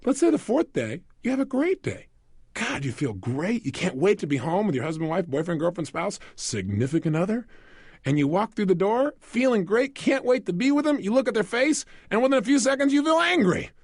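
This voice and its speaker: A man's voice: high voice, fairly quick, breathy edge, no echo, clean studio sound. A man giving a motivational seminar talk, asking his listeners questions and acting out little quotes as he goes. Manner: animated, asks the audience questions and acts out quotes. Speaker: self-help seminar speaker.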